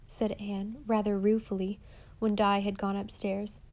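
Audiobook narrator: woman, middle pitch, expressive and measured. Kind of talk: scripted storybook narration.

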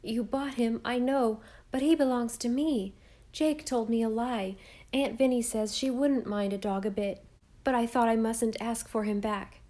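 A woman's voice: a little high, steady tone, unhurried, warm tone, lightly acted. A woman reading aloud and voicing a sulky young boy who pleads earnestly to keep his dog. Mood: pleading. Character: sulky defiant young boy, gruff but tender.

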